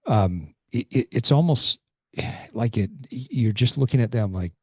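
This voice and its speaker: Husky low-voiced man in his forties. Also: moderate pace, dry recording, clean studio sound. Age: 40s. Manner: reflective, animated, with many restarts and fillers. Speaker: podcast host. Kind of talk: casual interview conversation.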